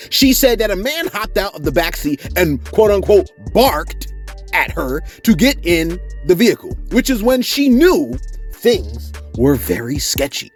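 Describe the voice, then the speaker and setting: A man hosting celebrity gossip commentary, slangy and chatty, often checking in with his viewers. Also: sits high. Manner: animated, slangy, repeats "you see what I'm saying". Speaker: host of celebrity gossip channel.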